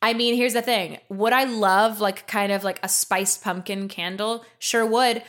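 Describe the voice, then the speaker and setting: A woman co-hosts a comedy podcast in loose, casual chat. She rambles, fills her talk with "like" and jumps up in pitch when something strikes her. Her voice sits in the middle of the range and is recorded close on a podcast mic. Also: steady tone, a little slow, a bit bright. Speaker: podcast co-host.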